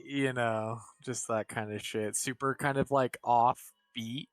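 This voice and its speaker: A man's voice: medium pitch, fairly even intonation, slow, no echo. A man playing in a tabletop role-play game, offhand and laid-back. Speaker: player.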